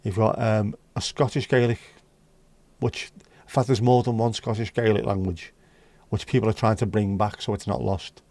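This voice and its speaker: A man's voice: fairly low pitch, fairly even intonation, moderate pace, darkish tone, no echo. Blunt chatty man. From North West England. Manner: blunt, chatty, swears casually. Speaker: livestream host. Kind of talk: casual chat with live chat.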